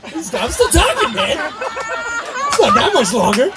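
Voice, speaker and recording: A young man giving a rambling, joking wedding toast for his brother, slightly tipsy and laughing often as he talks into a handheld mic. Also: very high voice. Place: wedding reception party. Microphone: handheld microphone. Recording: noisy party crowd. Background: crowd chatter and laughter.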